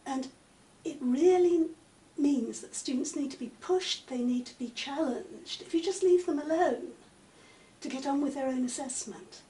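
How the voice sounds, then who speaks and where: Heard from afar in an echoing room with faint noise, a high-voiced woman with a dark tone is interviewed conversationally. She's a literature professor who speaks in a measured, articulate manner, with frequent "um" pauses.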